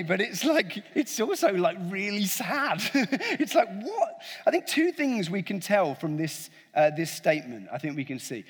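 A male preacher giving a chatty, humorous sermon with a slightly husky voice that swings widely in pitch. He speaks from a large hall, and a long reverb trails his words. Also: sing-song, unhurried, few pauses. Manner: conversational, joking, addresses the congregation directly.

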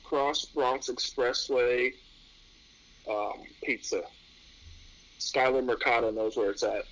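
A young man from New York answering questions in a casual interview, relaxed and rambling, with frequent restarts and laughs. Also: medium pitch, slow, low-quality recording. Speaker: interview guest, pro athlete.

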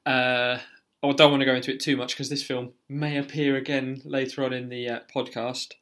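A man's voice: medium pitch, level tone, fairly quick, fairly bright tone. A man co-hosting a casual film podcast, chatty and casually swearing. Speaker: podcast co-host.

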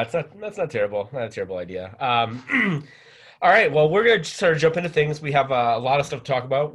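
A man hosting a casual sports podcast, talking in a rambling way with lots of fillers. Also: medium pitch. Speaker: podcast host. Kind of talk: casual chat.

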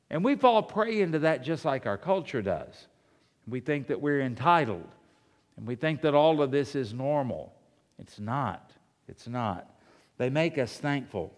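A male pastor preaching a sermon, firing off rhetorical questions and swinging between soft asides and loud emphasis. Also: medium pitch, in a large hall.

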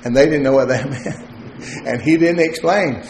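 A man's voice: medium pitch, measured pace, a little mellow, slight background noise. A male pastor delivering a sermon in a loose, conversational way, joking at times and repeating words as he thinks. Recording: roomy echo.

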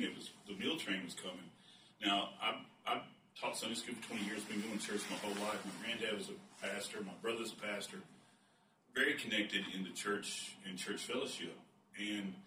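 Earnest middle-aged man, bright and roomy. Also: on the low side. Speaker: foster father. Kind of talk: personal testimony. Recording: roomy, distant mic, faint noise.

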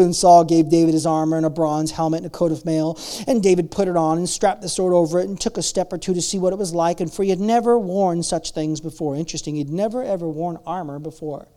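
A man preaching a sermon, swinging between loud, drawn-out preaching and quiet asides, acting out the people in the story. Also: on the high side. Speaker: pastor.

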